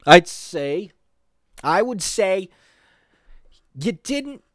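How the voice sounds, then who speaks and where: A chatty man riffs in a loose, profane way and breaks into laughs between thoughts. His voice sits a little high for a man. The sound is dry and close, with no room around it. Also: very animated, extremely slow, dry recording. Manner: profane, rambling, laughs often. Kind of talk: casual crude commentary.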